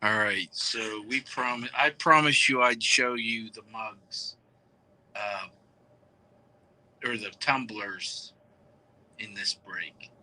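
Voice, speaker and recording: Slow-talking man with a sharp voice. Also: lowish voice, poor audio. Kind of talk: casual on-air chat.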